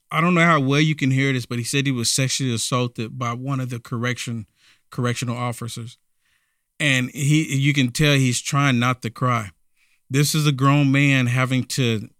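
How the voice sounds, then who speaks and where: A man's voice: medium pitch, a bit bright, no echo, studio quality. A man hosting a political commentary show, emphatic, repeating himself and asking rhetorical questions. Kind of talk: opinionated commentary.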